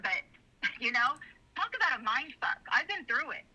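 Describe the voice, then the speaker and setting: A woman's voice: a little high, sing-song, moderate pace, pushed and bright, husky. A middle-aged woman telling a personal family story in an earnest, rambling way. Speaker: interview guest. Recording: slightly muffled video audio.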